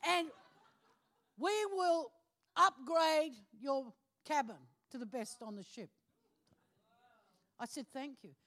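High-voiced woman telling a lively testimony. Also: slow pace, pauses often. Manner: animated storytelling, acting out phone calls, laughing often. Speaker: preacher. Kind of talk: testimony from the pulpit.

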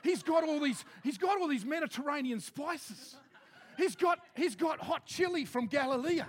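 A man preaching a sermon to his congregation in a lively, joking, conversational way. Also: very high voice, normal speed. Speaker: pastor. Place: church hall with a congregation.

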